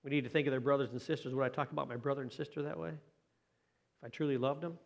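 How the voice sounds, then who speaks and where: A man's voice: medium pitch, steady tone, fast, creaky. A man giving a conversational sermon as pastor, often asking the congregation questions.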